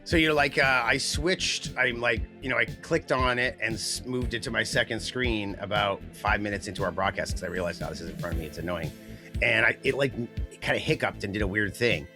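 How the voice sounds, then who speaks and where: A man's voice: mid-range voice, a little fast, music in the background. A man co-hosting a podcast, talking casually and rambling from one tangent to the next. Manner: rambling, animated, mimics others in quotes. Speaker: podcast co-host. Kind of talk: casual chat.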